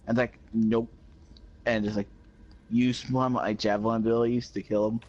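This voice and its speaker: A man's voice: medium pitch, level tone, normal speed, a little mellow, muffled recording. A man streaming a game, chatting casually and telling goofy, joking stories. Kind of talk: casual gaming stream chat.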